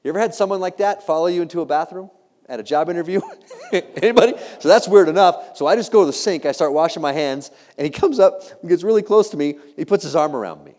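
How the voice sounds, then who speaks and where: A man in his thirties giving a humorous storytelling keynote, animated and self-deprecating, teasing the audience with questions. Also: high-pitched, quick pace. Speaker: keynote speaker. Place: large hall. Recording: long reverb of a large hall.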